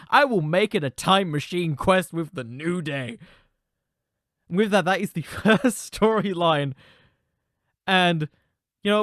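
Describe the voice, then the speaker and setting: A man hosting a podcast, spinning comedic stories in a rambling, jokey voice that swings up and down freely. Faint music sits quietly behind him. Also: high voice, no room sound, clean studio sound. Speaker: podcast host.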